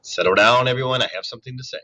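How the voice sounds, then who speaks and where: A man's voice: medium pitch, rapid-fire, bright, forceful tone, lightly acted. Jumpy owl, guy reading him, screechy and suspicious, storybook style. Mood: urgent. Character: jittery male owl, suspicious and dramatic.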